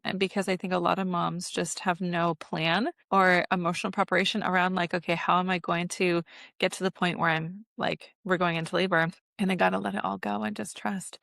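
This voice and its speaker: A woman's voice: fairly low pitch, little pitch movement, brisk, vocal fry, a bit bright, no room sound, clean studio sound. A woman hosting a podcast as a birth educator, talking in an earnest, reflective way with frequent fillers. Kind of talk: casual interview chat.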